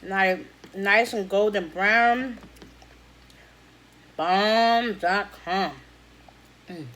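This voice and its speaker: A woman chatting casually while eating fried chicken for a vlog, slangy and relaxed, humming with pleasure between bites. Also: mid-range voice, drawn-out words. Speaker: mukbang vlogger.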